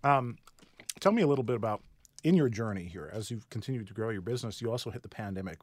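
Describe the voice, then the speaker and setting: Talking fast and animatedly in a lowish voice, a radio host conducts a live interview in a restaurant, with no echo in the audio. He eagerly samples the food while he speaks.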